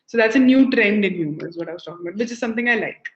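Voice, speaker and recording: A woman's voice: mid-range voice, lively intonation, racing. Young woman tutor on an echoey video call. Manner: chatty, explains with examples, laughs often. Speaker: English tutor. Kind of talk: conversation practice lesson. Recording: echoey room, dull lo-fi call audio.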